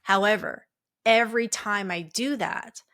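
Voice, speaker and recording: A woman's voice: medium pitch, measured pace, fairly bright tone. A woman podcast host and coach telling a personal story in a candid, chatty way, full of fillers and restarts.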